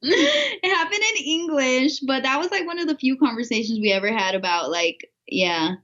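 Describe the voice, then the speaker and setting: A woman's voice: high-pitched, expressive, normal speed, a bit bright, lo-fi sound. A woman co-hosting a podcast in casual chat, bashful and giggly as she tells a story. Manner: giggly and bashful, laughing while telling a story. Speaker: podcast co-host.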